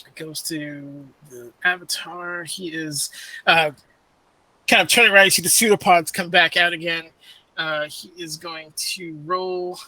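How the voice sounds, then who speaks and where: A game master running a tabletop game, talking in a relaxed way with quick quips. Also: mid-range voice, distant mic, rough recording.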